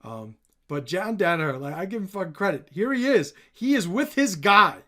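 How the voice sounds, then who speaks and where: A man hosting a reaction video, talking bluntly with plenty of swearing and animated emphasis. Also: sits high, normal speed. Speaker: commentary channel host.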